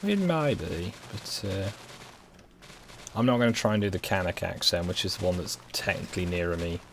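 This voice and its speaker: Low-voiced West Midlands man chatting over a game. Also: steady tone, a little fast, a little hiss or hum. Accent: West Midlands English. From West Midlands, England. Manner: rambling, dry self-mocking humor, thinking aloud. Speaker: streamer playing a game. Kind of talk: casual gameplay commentary.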